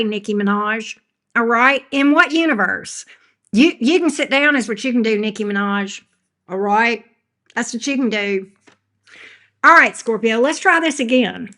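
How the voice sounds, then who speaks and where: A woman's voice: a little high, measured pace, pushed and bright. A woman doing a live tarot reading who talks back to chat with sass, scolding troublemakers and laughing often. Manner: sassy, scolding chat trolls, laughs a lot. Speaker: tarot reader.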